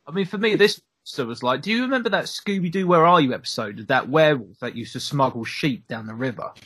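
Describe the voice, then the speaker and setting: Animated man with a husky voice. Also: fairly high pitch, quick pace, no room sound. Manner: animated, swears, laughs while talking. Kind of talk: casual chat.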